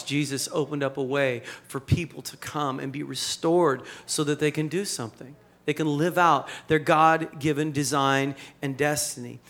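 A man preaching a sermon in a conversational, animated way, mixing jokes with rhetorical questions. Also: a little high. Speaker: pastor.

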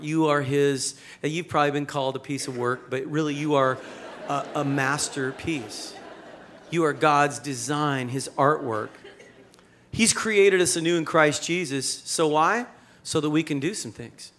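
A man preaching a sermon in a conversational, animated way, mixing jokes with rhetorical questions. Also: fairly high pitch. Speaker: pastor.

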